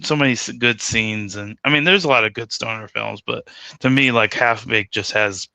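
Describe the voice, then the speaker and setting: A man chatting casually about films as co-host, relaxed and drawling, chuckling a lot. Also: fairly low pitch, moderate pace, creaky, no echo, low-quality recording. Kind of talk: casual stoner chat.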